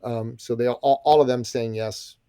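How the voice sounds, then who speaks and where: A man's voice: medium pitch, steady tone, moderate pace, warm tone, clear, resonant tone, no room sound. A middle-aged man guesting on a podcast, telling a story with energy, emphasis and folksy asides. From Iranian background. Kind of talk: animated storytelling.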